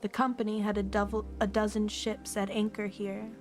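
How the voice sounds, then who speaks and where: A woman reading a novel aloud on a livestream, calm and unhurried, with occasional throat clearing, her voice slightly worn. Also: mid-range voice, soft background music.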